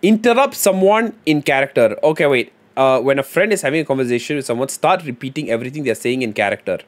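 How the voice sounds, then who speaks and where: A man's voice: mid-range voice, expressive, fast. A man live streaming, chatting loosely with his viewers and thinking aloud as he reads and types suggestions. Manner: thinks aloud and mumbles while reading chat; loose and slangy, with frequent fillers. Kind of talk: casual livestream chat.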